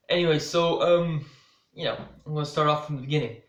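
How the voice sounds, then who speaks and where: A man's voice: on the high side, steady tone, moderate pace, fairly bright tone. Rambling Irish man in a roomy echo. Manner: rambling, full of restarts and asides. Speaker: vlogger. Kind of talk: casual storytelling to camera.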